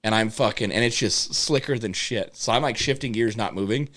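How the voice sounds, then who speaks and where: A man telling a long, rambling story in a casual podcast chat, swearing a lot and correcting himself as he goes. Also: fairly low pitch. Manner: rambling and animated, heavy swearing, quick self-corrections.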